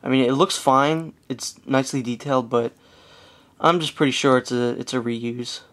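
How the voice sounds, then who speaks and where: A man's voice: medium pitch, normal speed. Casual hedging man reviewing toys. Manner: hedging, relaxed, with frequent fillers. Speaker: toy reviewer.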